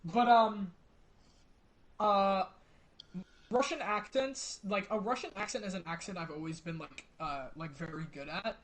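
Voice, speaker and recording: A man's voice: high voice, unhurried, a bit bright, rough recording. A young man on a casual podcast, rambling with stammering restarts and casual swearing. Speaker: podcast guest, roleplayer.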